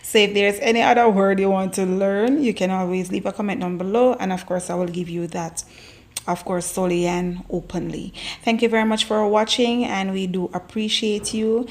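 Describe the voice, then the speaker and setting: A woman's voice: medium pitch, fairly even intonation, normal speed, a little mellow. Playful Jamaican woman vlogger. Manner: playful, laughs often while teaching. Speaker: vlogger teaching Jamaican Patois. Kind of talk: casual teaching vlog.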